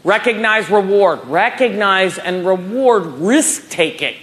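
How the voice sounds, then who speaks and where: A woman in her forties gives a motivational talk to a conference audience. Her pitch leaps and falls as she tells stories and acts out what people said. She speaks to the crowd from a stage. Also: moderate pace. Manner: animated, telling stories and acting out dialogue. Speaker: keynote speaker at a professional conference.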